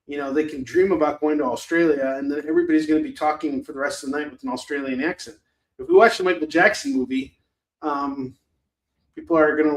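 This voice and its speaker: A man rambling and swearing casually while selling comics on a live stream. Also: fairly high pitch. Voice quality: profane, rambling, joking.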